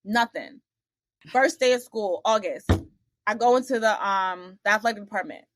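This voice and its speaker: A woman guest on an interview podcast, telling lively stories about her career, acting out the voices of the people in them, with blunt, salty asides. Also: medium pitch, moderate pace, background noise. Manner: animated, acts out the other people in her stories. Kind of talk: casual storytelling interview.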